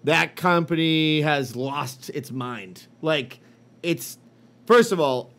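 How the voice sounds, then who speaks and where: Animated high-voiced man. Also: takes it slowly. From Boston. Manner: animated, swearing, mocking impressions. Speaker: podcast co-host. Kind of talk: casual profane chat.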